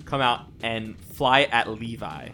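Bright-voiced man narrating a tabletop game. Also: mid-range voice, animated, slow, slight background noise. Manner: laughs often, casual narration of combat. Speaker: game master.

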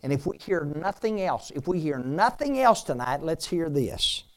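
A male pastor delivers a sermon, his pitch rising and falling freely as he speaks. He leans on rhetorical questions and moves between loud, pressing appeals and soft, confiding asides. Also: big pitch swings, normal speed.

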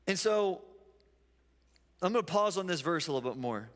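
A man's voice: high-pitched, lively intonation, moderate pace. A man preaching a sermon in a casual, conversational way, retelling scenes and speaking out other people's lines. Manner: conversational, storytelling with acted quotes. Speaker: pastor. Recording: reverberant hall.

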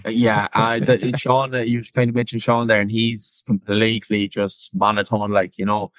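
A young man with an Irish accent, chatting casually as a podcast guest over a video call, quick and full of fillers. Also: on the low side, little pitch movement, a bit bright, no room sound, low-quality recording. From Ireland. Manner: quick talker with many fillers. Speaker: guest, personal trainer.

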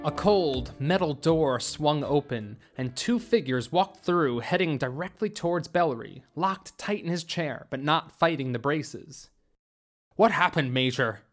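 A man reads a science fiction story aloud as its narrator. His delivery is steady and deliberate. His voice sits a little high for a man. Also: faint music behind.

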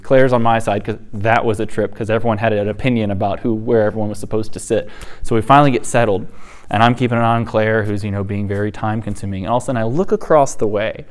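A man in his thirties giving a conversational church teaching, telling family stories with animated, laughing asides. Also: on the low side, smooth. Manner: storytelling, animated, acts out quotes with laughter.

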